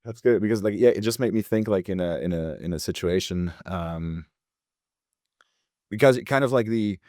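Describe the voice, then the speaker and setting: A man hosting a podcast interview, searching for words and circling back with lots of fillers. His voice sits a bit low. The recording is dry. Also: mellow, no room sound. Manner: hesitant, halting, many fillers. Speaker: podcast host. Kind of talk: casual interview chat.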